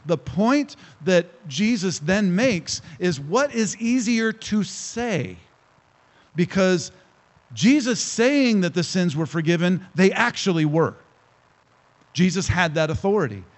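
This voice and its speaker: A male pastor preaching a sermon to a congregation, emphatic and slowing down to stress key phrases. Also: high-pitched, expressive. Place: church hall with congregation.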